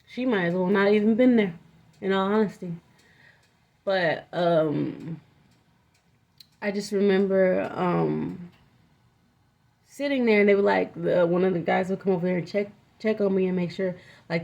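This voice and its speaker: A woman's voice: fairly low pitch, vocal fry, darkish tone. A young woman telling a personal story in a candid, rambling, profane way, with lots of fillers. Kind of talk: casual storytime vlog. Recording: dull lo-fi audio.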